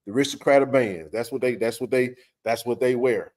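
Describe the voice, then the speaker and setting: A man's voice: medium pitch, brisk, a little mellow. A man hosting a sports talk stream, ranting bluntly in casual, profane talk. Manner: heated, blunt ranting with frequent swearing.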